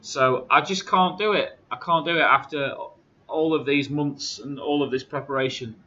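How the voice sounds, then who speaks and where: A man in a casual vlog, aggrieved and indignant as he retells his calls. His voice sounds bright and edgy. The recording is dull and lo-fi, like a home phone camera. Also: on the high side, normal speed. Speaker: charity runner.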